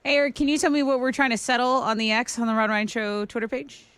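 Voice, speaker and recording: A woman's voice: a little high, quick pace, fairly bright tone. Woman radio co-host, casual and offhand, faint background hiss. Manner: offhand, reads prize details.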